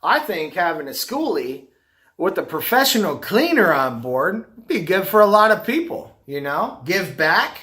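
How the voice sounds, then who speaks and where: Rambling man with a slightly high voice. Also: very animated, normal speed, pushed and bright. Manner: rambling, self-talking, repeats himself. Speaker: vlogger, carpet cleaner and business owner. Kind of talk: casual talk to camera.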